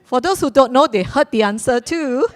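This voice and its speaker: A woman's voice: high voice, animated, moderate pace. A woman hosting a live quiz at a community celebration, playful and repeating her instructions, laughing now and then. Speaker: quiz host.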